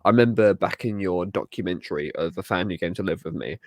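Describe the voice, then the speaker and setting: A man's voice: sits low, fast, dry recording, studio quality. A man co-hosting a podcast in casual chat, amused and chuckling as he talks. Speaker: podcast co-host.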